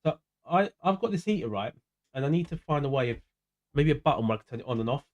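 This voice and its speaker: A man's voice: a little high, animated, fast talker, highs cut off. Chatty South London man streaming. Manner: chatty, greets viewers by name, drifts into mumbled asides. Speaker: sim racing streamer. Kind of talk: casual livestream chat while gaming.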